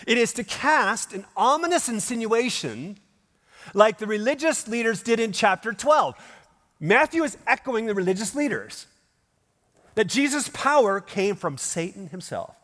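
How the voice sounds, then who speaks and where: A man's voice: high-pitched, very animated, a little slow, long pauses, a bit bright. A male pastor delivering a sermon in a church, emphatic and full of rhetorical questions. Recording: long hall reverb.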